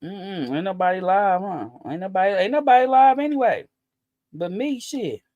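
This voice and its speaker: A man hosting a livestream in a loose, profane, chatty way. His voice sits a little high for a man. It comes through dry and close, with no room sound. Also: animated, normal speed, a little mellow, no room sound, lo-fi sound. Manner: loose, profane, talks straight to chat. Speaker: livestream host. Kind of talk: casual livestream chat.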